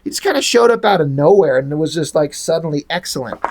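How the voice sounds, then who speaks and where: A man's voice: a little high, expressive, fast, vocal fry, a little mellow, a little hiss or hum. Rambling, profane male comic reviewer. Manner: rambling, profane, enthusiastic opinions. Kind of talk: casual spoken comic review.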